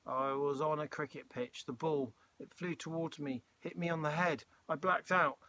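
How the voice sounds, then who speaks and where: A man's voice: on the high side, steady tone, moderate pace, sharp tone, a little hiss or hum, pitched above the performer's own voice. A man reading aloud and voicing a dazed boy who mutters groggily to himself. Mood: groggy. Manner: groggy then startled. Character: dazed boy just coming round.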